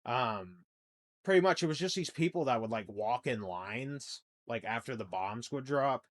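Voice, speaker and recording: A young comedy podcast host, animated and speaking at a normal speed, wanders through a crude monologue that alternates between yelling and mumbling low.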